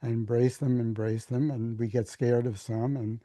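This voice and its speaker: An older man, a spiritual teacher and author, answering interview questions slowly and reflectively, with halting repetitions and dry humor. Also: medium pitch, little pitch movement, dark tone, dry recording. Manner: slow, halting, repeats words, dry humor.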